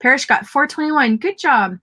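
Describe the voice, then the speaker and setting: Woman, Southern accent, livestream host, casual chat, bright tone, upbeat cheering. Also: high voice, expressive, moderate pace. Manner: chatty, cheers readers' comments.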